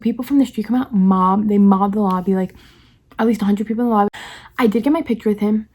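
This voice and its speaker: A young woman from the New York area, chatty and excited, telling a personal story on her vlog and acting out the quoted lines. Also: medium pitch. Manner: rapid, chatty, heavy use of "like", acts out quoted lines. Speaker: vlogger.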